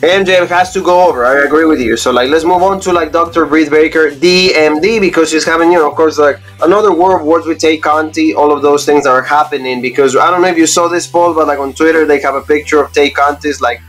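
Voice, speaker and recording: Quick guy co-hosting wrestling talk, slightly high voice, music faint under it. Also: a bit bright. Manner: fast, full of "like" and "you know". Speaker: wrestling show co-host. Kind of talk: casual chat.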